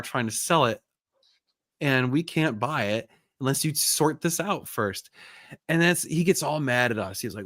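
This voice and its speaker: Guy hosting a chat show, animated storyteller, sighs a lot, dry close sound. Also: medium pitch, a little slow, no echo. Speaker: host. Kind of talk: casual chat.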